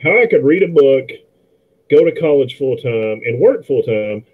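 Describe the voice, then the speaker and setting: A man's voice: mid-range voice, very animated, moderate pace, a little hiss or hum. A middle-aged man chatting casually about movies as a podcast co-host, with frequent fillers and restarts. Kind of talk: casual movie commentary chat. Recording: tinny phone-like line.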